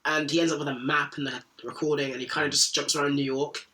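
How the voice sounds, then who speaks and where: A man's voice: a little high, quick pace. A man co-hosting a podcast, casually recapping a cartoon episode and acting out characters' lines with plenty of swearing. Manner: animated, acts out characters' lines, swears freely. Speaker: podcast co-host.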